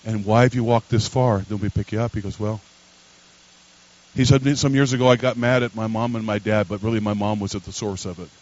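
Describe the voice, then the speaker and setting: A pastor, telling a story in a sermon and building to loud emphatic preaching. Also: male voice, on the low side, steady tone, a little fast, muffled recording.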